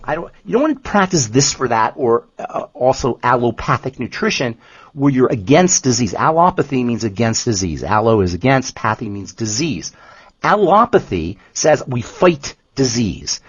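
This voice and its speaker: A man co-hosting a health podcast who explains nutrition in an emphatic, animated way, often repeating himself for emphasis. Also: mid-range voice, normal speed, husky, no room sound, highs cut off. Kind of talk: casual explanatory podcast talk.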